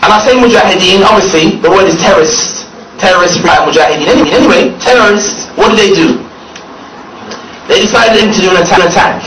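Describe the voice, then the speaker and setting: A man preaches to a crowd in a high voice, with a mocking edge and frequent laughter. He is recorded from a distance, his voice bouncing around an echoey space. Steady noise sits under the whole recording. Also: quick pace. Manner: mocking, laughs often while speaking. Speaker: preacher addressing an audience. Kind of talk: public speech.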